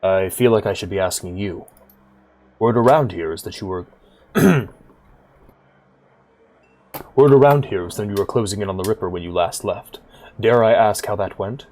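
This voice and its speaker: A man voicing a big, weary bar owner who talks low, quietly and somberly. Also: moderate pace, long pauses, close to an everyday voice. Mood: grave.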